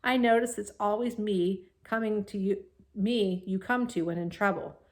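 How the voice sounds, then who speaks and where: A woman reading aloud puts on a grouchy old rat in a storybook voice that growls and mocks. He complains loudly with indignant, sarcastic emphasis. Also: medium pitch, normal speed, lightly acted. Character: old grumbling male rat, lazy and sarcastic.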